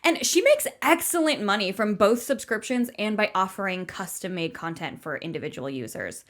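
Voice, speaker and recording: A woman co-hosts a casual book podcast. Her voice rises and falls a lot. She chimes in with jokes and quick agreement and adds her own stretches of plot recap. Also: mid-range voice, animated, a bit bright. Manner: agreeable, joking, laughs along. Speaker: podcast co-host.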